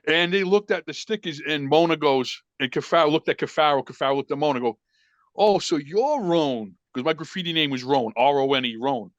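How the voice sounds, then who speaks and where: Animated New storyteller man. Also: fairly high pitch, quick pace, few pauses, dry recording, lo-fi sound. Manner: animated storyteller acting out quotes, frequent swearing. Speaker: podcast guest. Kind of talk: casual storytelling.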